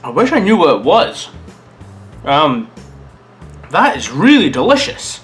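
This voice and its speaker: A man's voice: fairly high pitch, a little slow, soft background music. A man from Scotland vlogging a casual taste-test review, chatty and thinking aloud while he eats. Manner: chatty and animated, muses aloud while eating.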